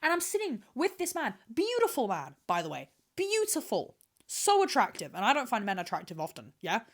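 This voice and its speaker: A woman's voice: fairly high pitch, wildly swooping pitch, brisk. A young woman hosting a podcast, telling stories in a rambling, dramatic, profane monologue to the camera. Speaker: podcast host. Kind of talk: casual storytelling monologue. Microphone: camera with mic, talking to camera.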